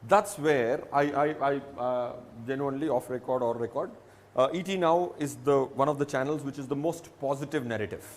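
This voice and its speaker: A man's voice: mid-range voice, moderate pace. A man with an Indian English accent explaining personal finance emphatically, using examples. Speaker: financial advisor. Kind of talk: reassuring public talk.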